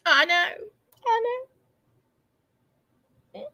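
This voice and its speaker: Sarcastic high-voiced woman, bright and sharp. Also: unhurried, pauses often. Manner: exaggerated, theatrical, Southern-flavored phrasing. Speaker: commentary creator. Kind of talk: sarcastic mock-lament monologue.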